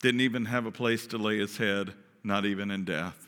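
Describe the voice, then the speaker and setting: A man preaching a sermon, telling a story dramatically, his voice swinging from hushed to loud as he acts out voices. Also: on the low side, fairly even intonation, normal speed, clean tone. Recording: long hall reverb.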